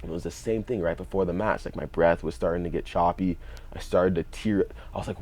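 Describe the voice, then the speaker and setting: Laid-back young man with a very low voice. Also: fairly even intonation, quick pace, darkish tone. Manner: laid-back, many "you know"s and "like"s. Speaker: podcast guest, fighter. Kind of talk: casual storytelling.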